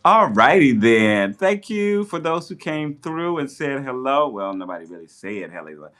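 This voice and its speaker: A man chatting casually on a livestream while he takes down his hair, telling stories with lively quoted voices. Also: medium pitch, a little slow. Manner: chatty, animated storyteller with playful voices in quotes. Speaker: live streamer. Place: at home doing his hair. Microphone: tablet mic.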